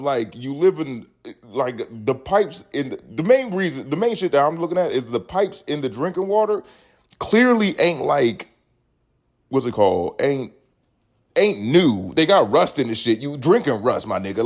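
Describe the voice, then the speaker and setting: A man in his thirties hosting a solo podcast, swearing freely as he rambles and reads news stories aloud with his own takes. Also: on the low side. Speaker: podcast host. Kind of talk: casual solo podcast commentary.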